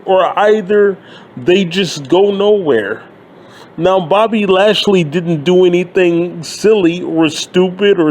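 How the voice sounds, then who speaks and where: A man's voice: sits high, a little mellow. A man in his thirties ranting bluntly and sarcastically, swearing freely as he gives his opinions. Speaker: wrestling commentary YouTuber. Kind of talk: profane ranting monologue.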